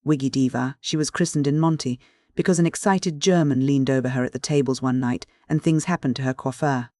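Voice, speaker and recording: Dry, measured audiobook narrator. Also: mid-range voice, steady tone, mellow, no echo. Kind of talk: scripted narration.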